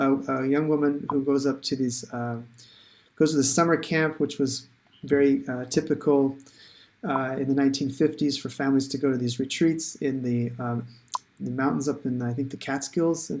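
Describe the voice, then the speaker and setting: A man teaching English in a live online lesson, chatty and encouraging, thinking aloud with many fillers. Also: fairly high pitch.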